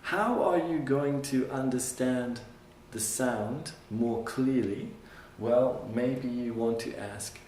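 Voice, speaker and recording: A male English teacher giving a classroom lesson, patiently repeating phrases slowly for his learners. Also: mid-range voice, darkish tone, a little hiss or hum. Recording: roomy classroom sound from a distant mic.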